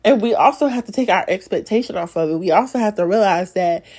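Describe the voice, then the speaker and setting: A woman's voice: medium pitch, quick pace, darkish tone. A young woman hosting a faith podcast, giving an emotional, encouraging devotional talk with preacher-like repetition. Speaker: podcast host.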